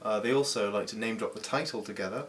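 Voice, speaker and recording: A man's voice: fairly low pitch, fast, a bit bright, a little hiss or hum. A man co-hosting a comedy film review show, trading dry, sarcastic remarks.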